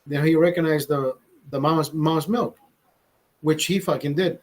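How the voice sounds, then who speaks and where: Husky-voiced man telling a rambling story. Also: a little high, steady tone, moderate pace, a little mellow, poor audio. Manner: rambling, profane, many restarts. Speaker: vlogger host. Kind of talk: casual profane storytelling.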